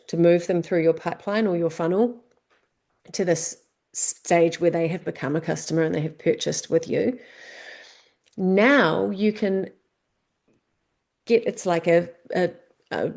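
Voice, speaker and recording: Speaking in a warm, fairly low voice, this New Zealand woman presents business tips in a chatty way. She talks through questions and leans heavily on rhetorical ones.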